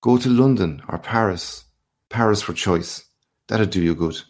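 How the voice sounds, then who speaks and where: A man's voice: fairly low pitch, a little slow. A man reading a boastful, hearty old-time newsman. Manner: boisterous, swaggering, lively questions. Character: boastful hearty male journalist back from abroad.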